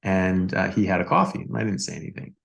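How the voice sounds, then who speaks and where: A man's voice: sits low, steady tone, quick pace, gravelly. A man talking as a doctor guest, telling a story casually with lots of fillers and repeated words.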